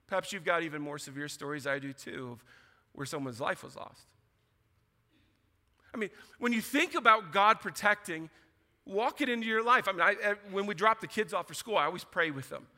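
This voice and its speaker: A man preaching a sermon as pastor, emphatic and animated, often repeating words as he starts a thought. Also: on the high side, moderate pace. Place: church sanctuary. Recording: church hall with long reverb.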